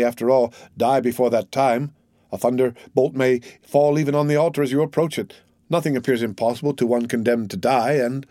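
A man voicing a sorrowful, resolute young man in love, read in a solemn, measured way. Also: medium pitch, warm tone, no room sound, natural voice. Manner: solemn, measured, earnest reading. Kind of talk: audiobook character reading.

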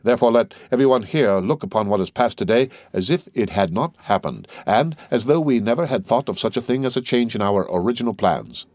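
A man's voice: on the low side, expressive, fairly quick, few pauses, darkish tone, no room sound, natural voice. A man voicing an anxious, stiff middle-aged magistrate in an audiobook, speaking formally and stammering at times. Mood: uneasy.

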